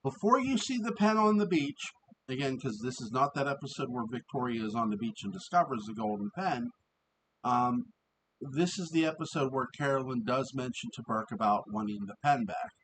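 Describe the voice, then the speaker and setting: A man giving a casual, rambling review of an old TV episode. He often restarts, fills pauses and laughs as he talks. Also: mid-range voice, lively intonation, fairly bright tone, a little hiss or hum, rough recording.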